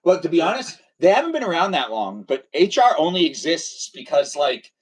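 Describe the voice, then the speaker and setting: A man's voice: fairly high pitch, big pitch swings, fairly quick, breathy edge. A man hosting a casual live stream, chatty and welcoming, rambling a little as he talks with guests. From Armenian heritage.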